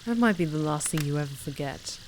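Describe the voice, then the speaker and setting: A woman voicing a gruff, brooding male killer in a dating game, speaking low and menacing. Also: expressive, brisk, slight background noise.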